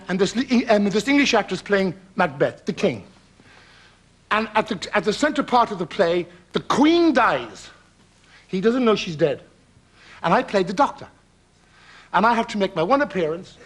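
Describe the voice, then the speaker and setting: A man with an Irish accent, a talk show guest from Ireland, telling a story in an animated, theatrical way and laughing through his words. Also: sits high. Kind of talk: lively anecdote on a talk show. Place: television studio with audience.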